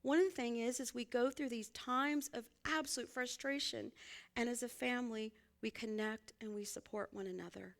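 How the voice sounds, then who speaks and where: A woman's voice: a little high, fairly even intonation, moderate pace. A woman minister, giving a conversational, folksy sermon and laughing often as she speaks.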